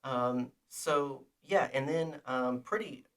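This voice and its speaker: Rambling, excitable podcast co-host man. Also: medium pitch, slow. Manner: rambling, enthusiastic, self-deprecating. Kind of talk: casual chat about a TV show.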